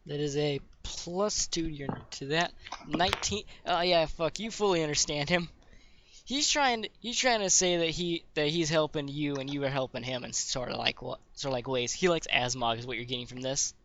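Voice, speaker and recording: Man narrating a game, bright lo-fi voice. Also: a little high, normal speed, a little hiss or hum. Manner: rambling, full of fillers and restarts. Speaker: game master. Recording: dull lo-fi recording.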